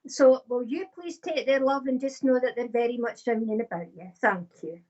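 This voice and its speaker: A woman's voice: a little high, normal speed, a little mellow. A woman, a psychic medium giving live readings in a chatty, casual way with many fillers. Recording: dull lo-fi stream audio.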